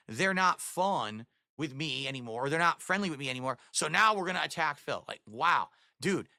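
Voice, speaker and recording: A man's voice: on the high side, bright, forceful tone, no room sound, studio quality. A man ranting on a livestream in an aggrieved, profane way. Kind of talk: livestream rant.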